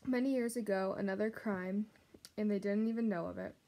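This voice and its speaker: A woman voicing a remorseful old male prisoner with plain, rough country speech. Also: mid-range voice, brisk, mellow, close to an everyday voice. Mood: confessing.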